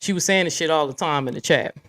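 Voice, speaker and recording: A woman's voice: low voice, fast, fairly bright tone. A woman hosting a livestream, talking bluntly and profanely straight to her viewers and reading out chat comments. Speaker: livestream host.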